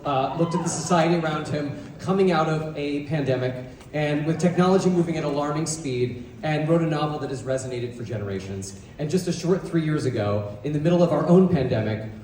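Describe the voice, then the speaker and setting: A man giving a formal celebratory speech, building up to loud announcements. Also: a little high. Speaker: speech giver at opening night. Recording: echoey, distant, loud crowd and noise.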